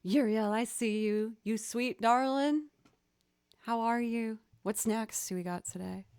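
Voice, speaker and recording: A woman's voice: mid-range voice, gravelly, a little mellow, dry recording, studio quality. A woman musician chatting casually with her stream viewers, rambling and drifting off into tangents.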